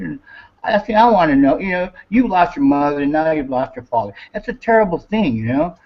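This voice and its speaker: A man's voice: a little high, expressive, a little fast. A man, chatting casually, rambling and swearing, repeating himself as he talks. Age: 50s. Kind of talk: casual chat. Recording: dull lo-fi recording.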